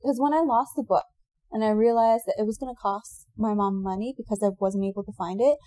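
A woman telling a personal story in casual chat, animated and laughing often, acting out what people said. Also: mid-range voice, brisk, no room sound.

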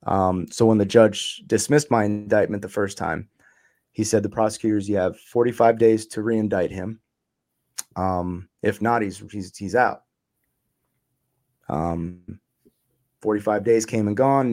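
A man with a somewhat low voice tells his own story in an easy, rambling way. He swears often, fills pauses with ums and "you know," and slips in short laughs. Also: darkish tone. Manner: profane, laid-back, trailing off with ums and laughs. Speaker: interview guest. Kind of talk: casual storytelling.

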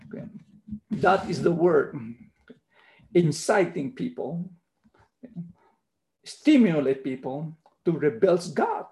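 Slow gravelly-voiced man teaching a sermon. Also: a little high, very animated, a little mellow, low-quality recording. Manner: slow, emphatic Bible teaching with repeated "okay". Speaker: pastor.

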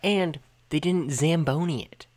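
A young man co-hosting a casual podcast chat, telling stories in a lively way and acting out what people said. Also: on the high side, a little slow. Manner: animated storytelling, acting out quoted lines. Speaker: podcast co-host.

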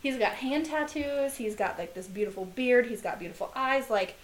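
A woman's voice: fairly high pitch, animated, a little hiss or hum, rough recording. A woman co-hosting a podcast, chatting casually and gushing, reading book blurbs aloud. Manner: gushing, reads blurbs aloud with dramatic pauses. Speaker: podcast co-host. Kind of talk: casual chat.

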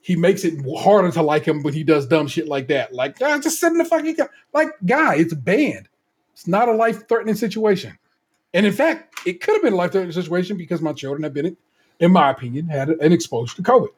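Male podcast co-host, husky and a touch high-pitched, swears freely and tells stories with energy. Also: fast talker. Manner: profane, animated storytelling. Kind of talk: casual chat.

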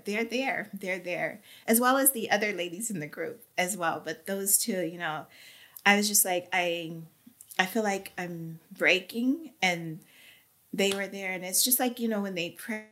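A woman being interviewed, giving an emotional personal testimony with halting, earnest speech and fighting back tears. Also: lowish voice, sharp tone. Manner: earnest, halting, with many fillers. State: tearful, near crying.

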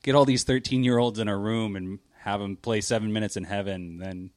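A man's voice: lowish voice, steady tone, brisk, dry recording. A young adult man co-hosting a casual chat from home, joking, rambling and laughing often. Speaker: podcast co-host.

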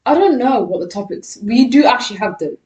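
A young woman co-hosting a podcast, chatty and teasing with quick remarks. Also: on the high side, expressive, a little mellow, distant mic, muffled recording. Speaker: podcast co-host. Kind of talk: casual chat. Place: room with ring light, podcast set. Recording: echoey room.

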